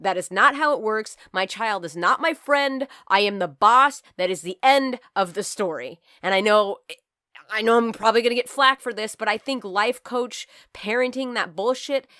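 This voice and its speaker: A young woman from California telling a storytime vlog in an animated, profane, emphatic way. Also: a little high, moderate pace, no room sound, studio quality. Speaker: vlogger.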